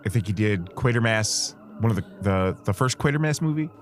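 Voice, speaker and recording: A man's voice: fairly low pitch, lively intonation, brisk, slight background noise. A man co-hosting a film podcast, chatting casually in a rambling, hesitant way and often correcting himself. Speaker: podcast co-host. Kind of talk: casual film-review chat.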